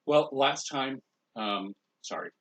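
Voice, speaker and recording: A man's voice: mid-range voice, takes it slowly. A man chatting casually from across the room, away from the mic. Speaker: husband. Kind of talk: casual conversation.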